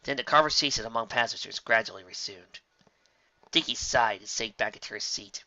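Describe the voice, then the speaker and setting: A man narrating a fan fiction story as an audiobook reader, in steady storytelling. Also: lowish voice, fairly quick, no room sound. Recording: dull lo-fi dry recording.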